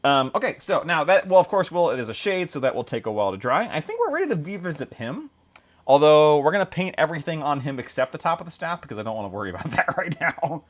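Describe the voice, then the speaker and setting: A man's voice: on the high side, sing-song, fast. A man hosting a hobby stream, chatting casually and rambling with jokes while he paints miniatures. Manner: jokey, rambling, laughs at own jokes.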